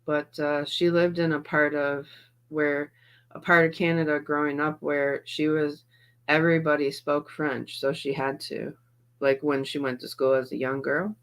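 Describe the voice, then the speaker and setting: A middle-aged woman hosts a livestream reacting to videos, chatting casually and greeting viewers by name, though she's in some pain and feels a little off. Her voice is low and flat, with a measured pace.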